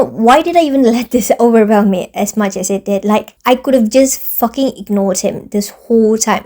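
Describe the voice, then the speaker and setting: A young woman telling a storytime vlog as an exasperated, profane rant, talking fast and animated. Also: fairly high pitch. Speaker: vlogger.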